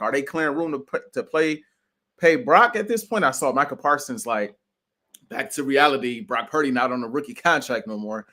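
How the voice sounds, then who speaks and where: A man co-hosting a sports podcast, talking casually with lots of slang and strong opinions. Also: on the high side. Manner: animated, slangy, keeps saying bro; opinionated and emphatic.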